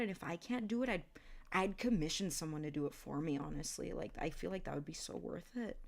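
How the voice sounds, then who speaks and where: A soft-spoken woman chatting casually as she draws, often murmuring half to herself. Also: fairly low pitch, lively intonation, normal speed, gravelly. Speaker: artist streamer. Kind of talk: casual chat while drawing. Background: background music.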